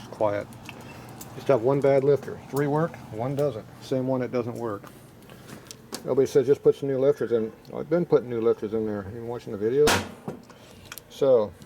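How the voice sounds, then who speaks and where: A man's voice: mid-range voice, creaky, dark tone, slight background noise, low-quality recording. A man doing casual shop talk while he works on a motorcycle outdoors, plain-spoken and frustrated, often mumbling and trailing off. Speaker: motorcycle mechanic. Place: outdoor workshop yard on a windy day.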